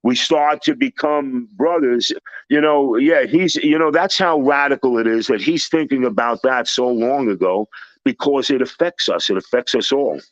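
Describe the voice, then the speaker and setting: A man's voice: medium pitch, normal speed, no echo. Blunt New man telling stories. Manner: blunt, animated, plays the people he quotes. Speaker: storyteller host. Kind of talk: casual storytelling. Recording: dry, dull lo-fi recording.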